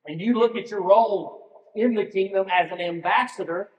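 High-voiced preacher in an echoey hall. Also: male voice, moderate pace, muffled recording. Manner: earnest, asks the listeners direct questions. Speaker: pastor. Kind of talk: sermon. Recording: echoey hall with long reverb.

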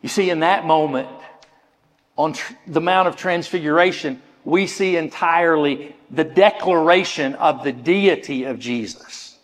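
A man's voice: on the high side, a little slow, long reverb tail. A man preaching a sermon in an earnest way, often repeating words as he searches for the next one. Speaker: pastor.

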